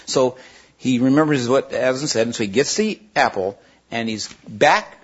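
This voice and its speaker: Husky guy reading a kids book aloud, kinda halting, muffled lo-fi sound. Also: medium pitch. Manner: plain, somewhat halting retelling with restarts. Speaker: storyteller. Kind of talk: retelling and reading a children's novel aloud. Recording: dull lo-fi recording.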